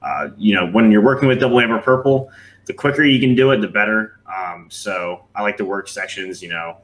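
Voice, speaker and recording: A man's voice: lowish voice, fairly quick, rough recording. A man guesting on a talk show, rambling casually with lots of fillers and a slightly nervous manner. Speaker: guest glassworker. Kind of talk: casual interview chat.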